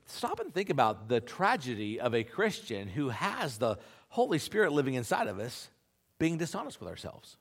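A man's voice: fairly high pitch, fairly bright tone. A man preaching a sermon as pastor, earnest and conversational, often checking in with his listeners.

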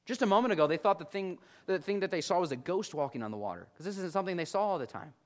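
A man delivers a sermon in a voice pitched a little high for a man. He keeps it conversational and animated and speaks directly to his listeners. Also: racing. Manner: conversational, animated preaching that addresses the listeners as folks. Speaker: preacher.

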